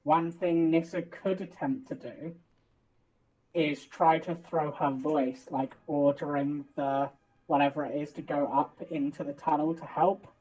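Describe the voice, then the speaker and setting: A woman talking casually as a player in an online tabletop game, thoughtful and quick to laugh. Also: low-pitched, fairly even intonation, darkish tone, low-quality recording.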